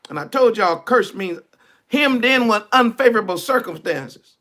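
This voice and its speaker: A man's voice: high voice, lively intonation, normal speed, pushed and bright. A male preacher giving a fiery, colloquial online sermon, reading scripture and preaching it.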